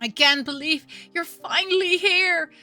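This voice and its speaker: A woman voicing Ten, an emotional young woman, in high, gushing lines while reading a visual novel aloud. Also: unhurried, sharp tone, faint music behind, exaggerated voice. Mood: overjoyed, fussing. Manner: high, gushing and breathless with relief.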